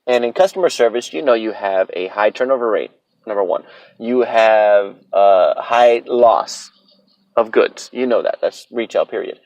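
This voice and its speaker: A man's voice: on the low side, unhurried, darkish tone, no room sound, rough recording. Solo podcast host, a man in his thirties, opinionated and profane, with a dry, close sound. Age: 30s. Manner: blunt, profane, opinionated ranting.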